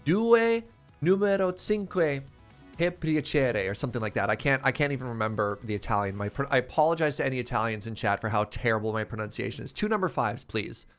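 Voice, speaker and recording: A man's voice: on the low side, very fast, few pauses, a bit bright, faint music behind. Chatty man streaming a game. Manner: chatty, answers chat questions, laughs often, tells anecdotes. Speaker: streamer playing a modded block-building game. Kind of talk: casual live-stream chat while gaming.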